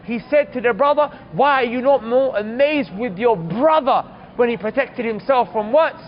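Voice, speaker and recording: A man's voice: very high voice, moderate pace, dull audio, slight background noise. A man preaching, telling a story earnestly and calling his listeners brothers. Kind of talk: storytelling sermon.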